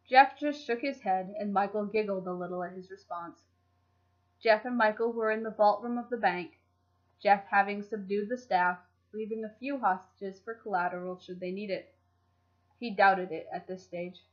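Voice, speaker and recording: A woman reading a fan fiction story aloud in steady, expressive audiobook-style narration. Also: mid-range voice, normal speed, dull audio.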